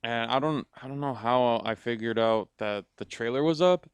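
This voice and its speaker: A man's voice: mid-range voice, normal speed, smooth, no echo. A young man co-hosting a radio talk show, telling stories eagerly and acting out his own reactions. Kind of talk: casual chat.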